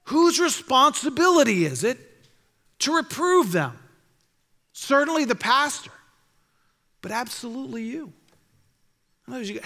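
A man's voice: very high voice, very animated, measured pace, pauses often, sharp tone. A male pastor preaching a sermon in a church, earnest and exhorting, repeating his key phrases. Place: church sanctuary. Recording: reverberant church hall.

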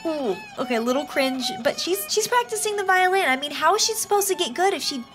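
A woman hosting a game channel, giving excitable, chatty commentary with frequent gasps. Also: extremely high pitch, fast talker, music in the background. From United States. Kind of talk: let's-play commentary.

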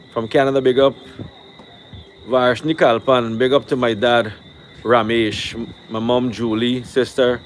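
Man, live-stream host, brash and animated, mid-pitched voice, faint outdoor hum. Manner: animated, brash, ranting at critics. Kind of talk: casual live-stream shout-outs. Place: rooftop cookout outdoors.

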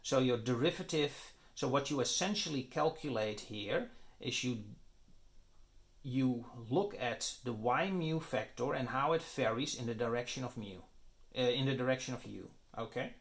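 A man's voice: mid-range voice, expressive, moderate pace. A man lecturing on physics, explaining his derivation step by step and often checking in with "right?" and "okay?". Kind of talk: explaining at a whiteboard.

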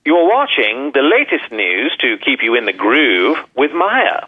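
An actor putting on a British accent in a playful, mock-formal way, heard over a phone line. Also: male voice, mid-range voice, big pitch swings, unhurried, slightly rough. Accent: British, put on.

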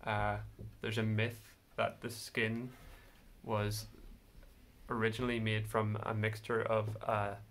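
A man's voice: fairly low pitch, monotone, slow, a bit bright. A man hosting a casual vlog, explaining an instrument hesitantly with many fillers. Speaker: video host. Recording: faint background noise.

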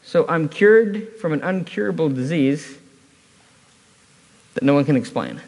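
A man's voice: fairly high pitch, animated, a little slow, a little mellow, long reverb tail. A man preaching a sermon at a church service, telling a personal story in a conversational way with touches of humor.

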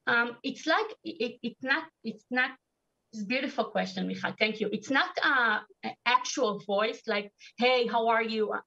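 Halting woman in her thirties, lo-fi call. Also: a little high, bright, forceful tone, husky. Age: 30s. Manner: halting, searching for words, many restarts. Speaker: guest speaker. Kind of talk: personal testimony on a video call.

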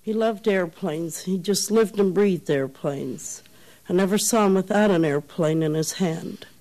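A woman, a bereaved mother, speaking quietly and wistfully in an interview. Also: lowish voice, measured pace, low-quality recording. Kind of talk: interview testimony.

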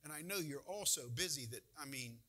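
A man pastor preaching in a bright, forceful voice. His delivery is folksy and conversational, with sudden emphatic bursts, and it sits a little high for a man. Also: expressive, fairly quick, low-quality recording. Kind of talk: sermon.

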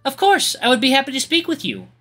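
A man's voice: very high voice, huge pitch swings, fast talker, fairly bright tone, soft background music, pitched above the performer's own voice, exaggerated voice. A man voicing a formal, earnest young woman knight with a courteous manner.

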